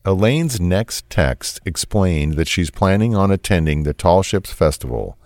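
Very deep-voiced man narrating true crime. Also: lively intonation, measured pace, darkish tone, no room sound, clean studio sound.

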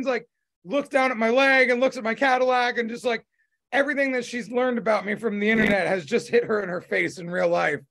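A man's voice: very high-pitched, steady tone, brisk, a bit bright. A man hosting a podcast, chatting casually in a rambling way with lots of fillers and restarts. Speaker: podcast host. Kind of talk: casual chat.

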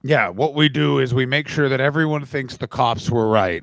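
A man co-hosting a comedy podcast, teasing his partner and telling stories with deadpan jabs. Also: mid-range voice, moderate pace, vocal fry, no room sound, clean studio sound. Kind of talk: casual comedic chat.

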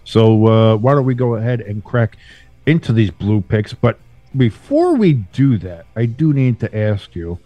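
A man hosting a casual sports podcast, talking loosely and profanely with bursts of animated emphasis. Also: on the low side, unhurried, no room sound, dull audio. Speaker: podcast host.

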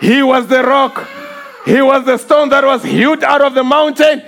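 Very high-voiced man preaching fervently. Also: flat delivery, unhurried, a little hiss or hum. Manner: impassioned, often shouting, cries of hallelujah; acts out quoted voices while storytelling. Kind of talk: fervent sermon.

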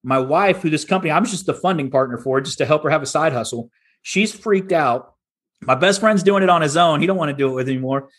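A middle-aged man from Texas tells his story as a podcast guest, and his voice sits a little high for a man. He talks in a candid, casual way and often restarts and repeats words. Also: fast, a bit bright.

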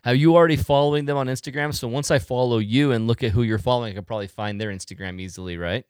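Animated man hosting a podcast. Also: medium pitch, very fast, clean tone, no echo, studio quality. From United States. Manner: animated storytelling, laughs often. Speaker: podcast host. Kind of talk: casual interview chat.

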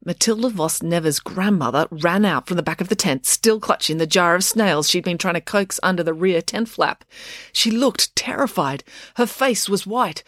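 Casting: woman narrator for a kids' audiobook, expressive, dry close studio sound. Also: fairly low pitch, dry recording.

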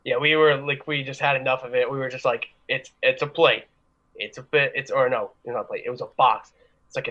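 A man's voice: mid-range voice, fairly even intonation, a little fast, sharp tone, low-quality recording. A young man telling stories in a casual chat, rambling and laughing as he goes. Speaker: podcast co-host.

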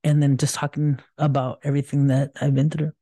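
Tired mellow-voiced woman podcaster. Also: low voice, a little fast, dry recording, studio quality. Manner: relaxed, frequent "you know what I mean". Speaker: podcast co-host. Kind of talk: casual chat.

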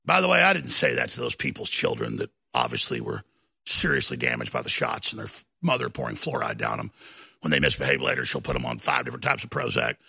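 A man hosting a talk show, delivering a combative political rant that builds into shouting. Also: on the low side, huge pitch swings, fast, gravelly, breathy edge.

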